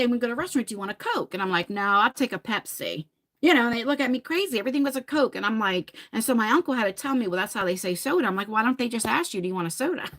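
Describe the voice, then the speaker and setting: Lively, chatty Jersey woman. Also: a little high. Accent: New Jersey. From New Jersey. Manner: rambling and chatty, laughs and swears casually. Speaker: livestream host. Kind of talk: casual chat with viewers.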